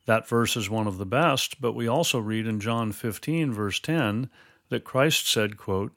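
A man teaching Bible doctrine in a measured, explanatory way, quoting scripture formally. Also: lowish voice, a bit bright, no echo, clean studio sound. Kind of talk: scripted theological dialogue.

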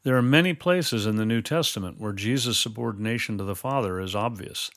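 A man teaching Bible doctrine in a measured, explanatory way, quoting scripture formally. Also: fairly low pitch, fairly bright tone, no echo, clean studio sound. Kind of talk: scripted theological dialogue.

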